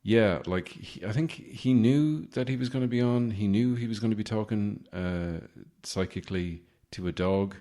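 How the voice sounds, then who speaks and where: Low-voiced male podcast host, sardonic, rambling comic monologue. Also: normal speed, few pauses, warm tone.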